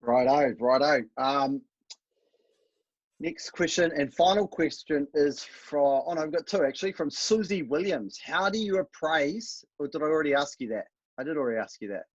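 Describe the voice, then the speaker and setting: A man's voice: a little high, animated, normal speed, dull audio. A man, casually hosting a Q&A and reading audience questions aloud.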